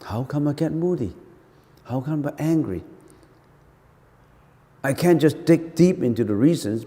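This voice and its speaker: Animated male monk in a reverberant hall. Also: on the high side. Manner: animated, full of rhetorical questions and repeated phrases. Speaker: Buddhist monk teaching meditation. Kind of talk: dharma talk. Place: temple hall.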